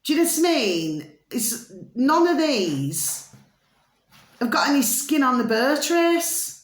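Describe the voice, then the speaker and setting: A woman's voice: sits high, sing-song, slow. A woman vlogger in a rambling, casual monologue, meandering with fillers and restarts and fondly calling her viewers her little babies. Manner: keeps calling viewers "my delicious little babies", asks "do you see?". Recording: echoey room.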